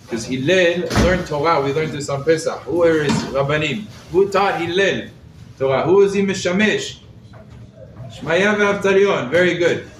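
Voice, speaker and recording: A man, a rabbi, giving a lively Torah class to a live group, quizzing his listeners and using Hebrew terms, recorded from across the room. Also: a little high. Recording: roomy echo, mic set far off, faint background noise.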